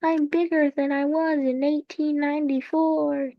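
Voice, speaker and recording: A woman's voice: high voice, level tone, measured pace, no echo, pitched above the performer's own voice. A woman voicing a boastful personified country in a playful storybook tone, on a dull lo-fi recording.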